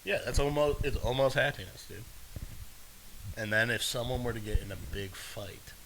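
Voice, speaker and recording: A man with a bright, edgy voice rambles through a casual podcast chat. He is loose and profane and laughs often. A faint hiss sits under the recording. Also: mid-range voice, moderate pace, low-quality recording. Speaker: podcast co-host.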